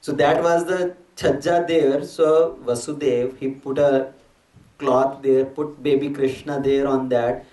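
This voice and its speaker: A man's voice: mid-range voice, steady tone, takes it slowly, darkish tone. A man telling a devotional scripture story in a sermon, explaining patiently and slipping in Hindi words. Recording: echoey hall, distant mic.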